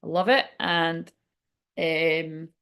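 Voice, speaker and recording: A woman's voice: deep voice, flat delivery, extremely slow, a bit bright, clean tone. A woman giving a live spiritual card reading, chatty and chipper as she talks straight to her viewers.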